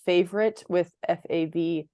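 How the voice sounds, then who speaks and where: A woman's voice: fairly low pitch, steady tone, moderate pace, mellow, no echo, clean studio sound. A woman co-hosting a podcast over a video call, chatting casually and laughing often. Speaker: podcast co-host. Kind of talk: casual chat.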